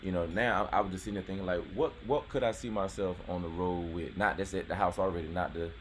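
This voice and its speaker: Low-voiced laid-back man chatting. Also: quick pace, slight background noise. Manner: laid-back, many fillers and restarts. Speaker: YouTube host. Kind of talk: casual podcast chat.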